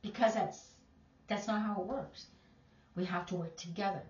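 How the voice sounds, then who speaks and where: A woman's voice: medium pitch, fairly even intonation, moderate pace. A woman teacher, giving emphatic, opinionated casual commentary. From Canada. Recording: distant, echoey, dull lo-fi.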